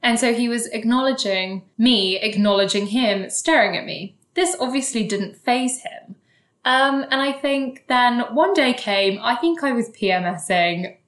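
A woman candidly telling a personal story in a casual, animated way, with some swearing and acted-out quotes. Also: on the high side, measured pace. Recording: echoey room.

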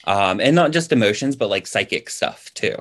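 Man, podcast guest on a video call, low voice, easygoing and loose. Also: normal speed. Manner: relaxed, rambling, lots of ums and likes. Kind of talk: casual interview chat.

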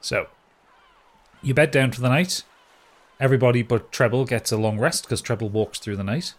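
A man narrating a tabletop game as game master, relaxed, with many ums as he describes the scene. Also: mid-range voice, moderate pace.

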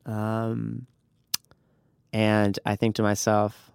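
A man's voice: mid-range voice, normal speed, clean tone, no room sound, studio quality. Profane, laughing man telling a story. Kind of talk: casual comedic storytelling.

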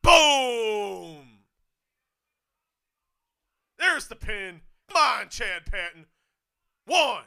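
A man giving excited live wrestling commentary, swinging from hushed muttering to sudden shouts, swearing and laughing often. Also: very high voice, drawn-out words, creaky, long pauses. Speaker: co-host of a wrestling watch-along.

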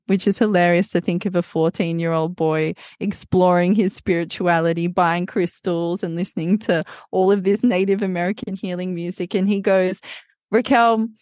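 A woman's voice: medium pitch, darkish tone, dry recording, studio quality. Woman candidly telling a painful story. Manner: intense, swears freely, acts out quoted people. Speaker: podcast guest.

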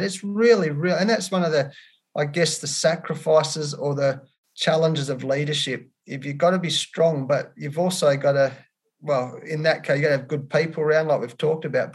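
A man in his fifties with an Australian accent, a cricket coach frankly telling stories as a guest and calling the host mate. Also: on the high side. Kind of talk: candid interview storytelling.

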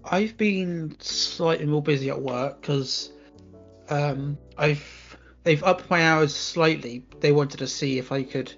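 A young man co-hosting a casual chat podcast, talking about work in a relaxed, hesitant way with many ums. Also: fairly high pitch, takes it slowly, creaky, lo-fi sound, soft background music. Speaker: podcast co-host.

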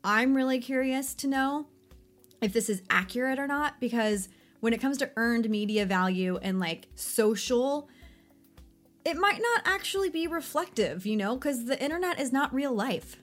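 A woman co-hosts a podcast in a relaxed, chatty way. She runs through lists and quizzes her co-host with easy, conversational energy. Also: high-pitched, moderate pace, soft background music. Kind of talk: casual podcast chat.

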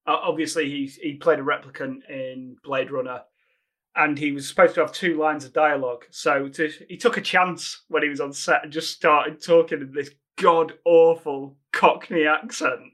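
A man's voice: fairly high pitch, steady tone, moderate pace, a bit bright. A man co-hosting a casual film-review chat, wry and teasing, sharing behind-the-scenes trivia. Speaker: podcast co-host.

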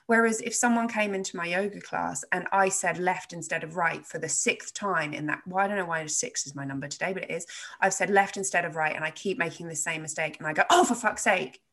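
A woman's voice: on the low side, steady tone, fast, a bit bright. A woman who teaches yoga, co-hosting a casual chat, swearing freely and laughing often. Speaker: podcast co-host, yoga teacher.

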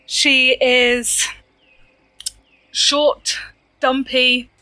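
A woman with a high, bright voice chats as a guest player in a tabletop game. Her sound is dry and close on a voice call. She talks casually and giggles now and then. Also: flat delivery, very slow, clear, resonant tone, no echo, poor audio. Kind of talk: casual role-play chat. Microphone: home microphone on a voice call.

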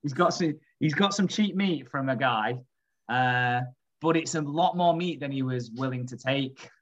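A man's voice: medium pitch, normal speed, a bit bright. A man co-hosting a podcast in casual chat, laughing and swearing freely as he tells stories. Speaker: podcast co-host.

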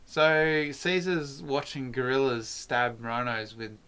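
A man's voice: mid-range voice, steady tone, slow, pushed and bright. A young Australian man with an Australian accent, co-hosting a podcast in casual chat, poking at his mate's ideas with dry, teasing questions. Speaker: podcast co-host.

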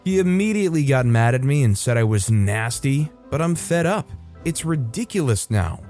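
A man reading online forum posts aloud in a steady, even narration with brief comments of his own. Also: mid-range voice, moderate pace, faint music behind. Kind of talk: scripted story narration.

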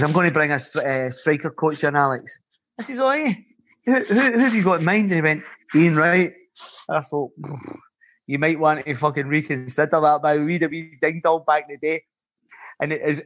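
A middle-aged man, a former footballer turned coach, telling swearing, animated stories with laughter on a podcast. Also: a little high. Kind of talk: podcast storytelling.

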